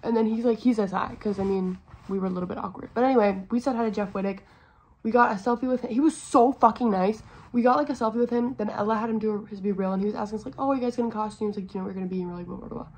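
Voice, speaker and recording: A woman's voice: medium pitch, racing, darkish tone, breathy edge. A young woman vlogging in a casual, gushing way, full of "like" and swearing. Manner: bubbly, gushing, swears a lot, fillers like "like". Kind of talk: casual vlog chat.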